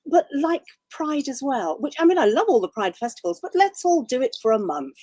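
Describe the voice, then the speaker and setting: A woman's voice: sits high, big pitch swings, brisk, a little mellow, no room sound. A woman from England with an English accent, a guest on a talk show, chatty and wry. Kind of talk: casual chat.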